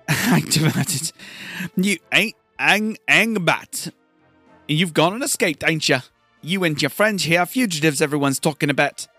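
A man's voice: a little high, expressive, bright, forceful tone, no room sound, soft background music, voice pushed up, heavily acted. Brief: a man playing a sly Cockney tavern woman, raised voice, broad and hammy accent. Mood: teasing. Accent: put-on Cockney. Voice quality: deliberately bad, exaggerated accent. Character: sly cockney thief woman, streetwise barmaid.

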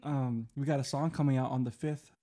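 A man's voice: mid-range voice, fairly even intonation, fairly quick, mellow. A young man co-hosting a podcast, a singer-songwriter who chats in a playful, rambling way and giggles often. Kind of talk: casual chat.

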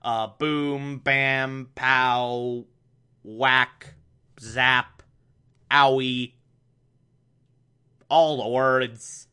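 A man's voice: medium pitch, level tone, extremely slow, long pauses, pushed and bright, smooth. A man giving a comedic recap of a cartoon episode, sarcastic and prone to exasperated rants. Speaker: show recap host.

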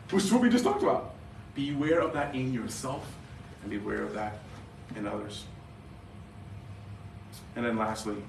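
A man preaching a sermon as a guest pastor, animated and joking, with sarcastic asides and quick questions to the congregation. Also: medium pitch. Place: church sanctuary. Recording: roomy church hall, mic at a distance, faint background noise.

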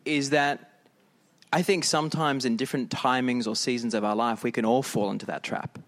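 A man's voice: mid-range voice, steady tone, normal speed, fairly bright tone. A middle-aged man preaching a conversational sermon as pastor and leading prayer.

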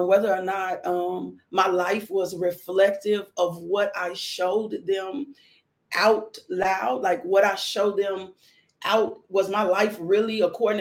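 A middle-aged woman, a mother, giving an earnest personal testimony about faith and parenting, often repeating phrases for emphasis. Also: mid-range voice.

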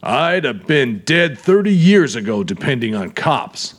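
A man's voice: mid-range voice, very animated, a little slow, voice pushed up. A man doing a surly, defiant aging tough. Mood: defiant grumbling. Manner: defiant, grumbling, indignant. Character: surly aging man, gun-toting warehouse owner. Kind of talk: audiobook character voice.

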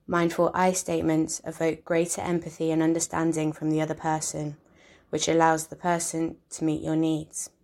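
A woman giving a calm, measured instructional narration, explaining ideas step by step. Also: deep voice.

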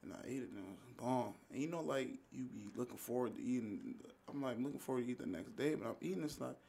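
A young man from Ghana, a college athlete, chatting casually as a podcast guest in a laid-back, slangy, halting way. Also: medium pitch, lively intonation, vocal fry, warm tone. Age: young adult.

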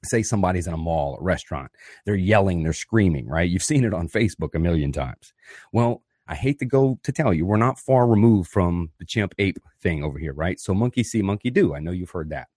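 A man hosting his own podcast, talking in an animated, profane way and acting out the voices he quotes. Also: deep voice, fairly quick, slightly rough, no room sound, clean studio sound. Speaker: podcast host. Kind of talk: casual solo podcast monologue.

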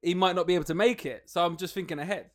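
A man's voice: high-pitched, racing. A man hosting a podcast, bantering casually, swearing freely and laughing often. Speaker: podcast host.

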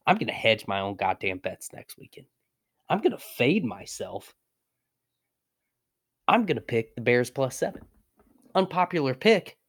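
A man's voice: medium pitch, very animated, normal speed, long pauses, fairly bright tone, husky, dry recording, studio quality. A man co-hosting a podcast, rambling playfully and swearing about his football picks. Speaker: podcast co-host. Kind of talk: casual sports betting chat.

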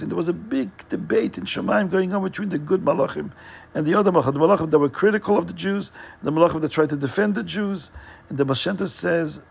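Gravelly, husky male storyteller. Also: a little high, fast talker, darkish tone. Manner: earnest, repetitive retelling. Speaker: storyteller, podcast host. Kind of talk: religious storytelling.

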